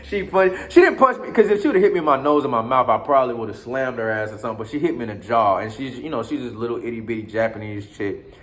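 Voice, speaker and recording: A man at a middle pitch telling a story in loose street slang. He curses freely, restarts his sentences and keeps turning to his listener with asides. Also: quick pace. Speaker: storyteller recounting his time abroad. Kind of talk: casual storytelling.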